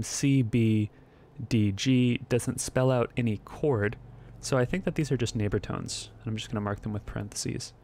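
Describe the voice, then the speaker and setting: A young man with a fairly low voice walks through a music theory lesson as if thinking aloud. He hesitates often, fills pauses and corrects himself mid-sentence, in a relaxed, unscripted way.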